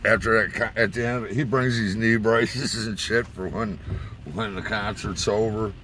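A man's voice: lowish voice, fairly even intonation, moderate pace, bright, forceful tone, a little hiss or hum. A man telling a rambling, profane story in a casual way, chuckling as he goes, from inside a car.

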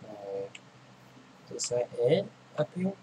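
A man chatting casually to himself as he plays a video game, rambling from one thing to the next. His voice sits at a middling pitch and has gone slightly hoarse. Faint keyboard typing can be heard in the background. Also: sing-song, slow, dark tone, a little hiss or hum, rough recording. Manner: rambling, talks to himself while playing. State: losing his voice. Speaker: gaming channel host. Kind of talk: casual gameplay commentary.

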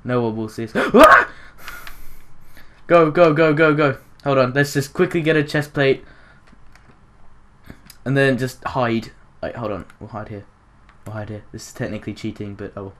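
Excitable young gaming commentator. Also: male voice, medium pitch, normal speed. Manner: excitable, rambling, gasps and giggles. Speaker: gaming YouTuber. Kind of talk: casual gameplay commentary.

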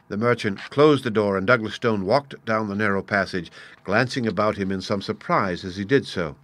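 A man narrating a classic story aloud in a steady, clear storytelling manner. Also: fairly low pitch, moderate pace, dry recording.

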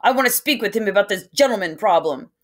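A woman reading aloud, voicing an angry, blustering male ship captain who shouts his complaints. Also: mid-range voice, lively intonation, fast talker, lightly acted. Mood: gruff. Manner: shouting, indignant.

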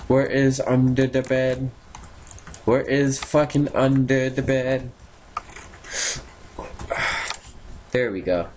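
A young man giving casual, sarcastic commentary while playing a game, swearing often and reacting out loud. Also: medium pitch, slow, long pauses, slight background noise. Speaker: gaming YouTuber. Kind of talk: casual let's-play commentary.

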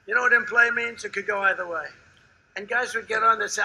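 An older man giving a rambling, boastful campaign rally speech, repeating himself and swinging between shouted lines and hushed asides. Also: very high-pitched, steady tone, a little fast, creaky, slight background noise, low-quality recording. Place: outdoor rally before a large crowd.

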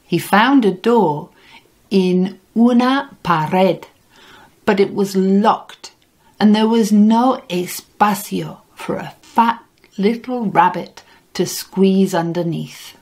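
A woman narrating a children's storybook in a gentle, expressive read-aloud manner, dropping Spanish words into English sentences. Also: medium pitch, slow pace. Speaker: audiobook narrator.

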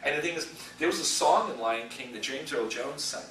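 His mid-range voice is brisk, a bit bright and lively in intonation as this middle-aged man, an animation storyboard artist, rambles through stories in a casual guest lecture, often laughing and acting out quotes. A distant mic in an echoey school lecture room picks him up, with faint hiss.

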